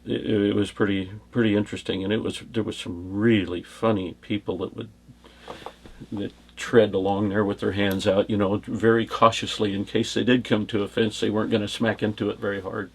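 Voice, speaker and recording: A man's voice: on the low side, level tone, brisk, husky. A middle-aged man from the United States, a former bodyguard, answering questions in a rambling, anecdotal way and chuckling through his stories. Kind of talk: casual storytelling interview.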